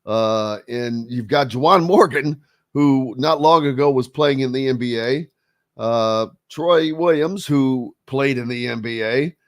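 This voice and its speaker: A man's voice: medium pitch, unhurried. A man hosting a sports radio show, speaking in a rambling casual way with lots of fillers and restarts.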